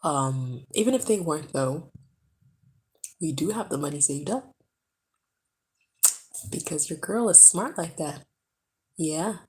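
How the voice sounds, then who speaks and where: Low-voiced woman chatting quietly at home. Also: lively intonation, slow, pauses often, poor audio. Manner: chatty, talks low so a sleeping baby is not woken. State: tired from being awake too long. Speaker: vlogger. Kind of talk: casual chat to camera. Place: home, indoors. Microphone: camera close up.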